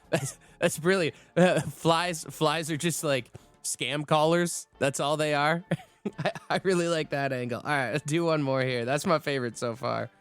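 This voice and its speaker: A man's voice: on the high side, steady tone, unhurried, a bit bright, smooth, soft background music. Laid-back joking male radio host. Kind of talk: casual morning radio chat.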